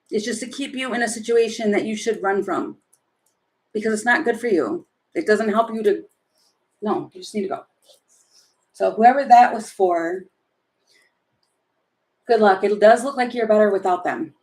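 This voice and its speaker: A woman's voice: medium pitch, a little mellow. A woman doing a casual live tarot reading, chatty and opinionated, rambling with many fillers and asides. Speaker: tarot reader.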